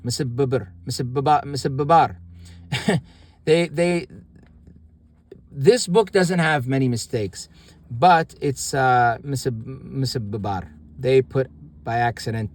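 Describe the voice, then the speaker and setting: A man teaching a casual online grammar lesson, talking haltingly with many restarts and repeating words slowly for learners. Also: mid-range voice. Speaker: language teacher.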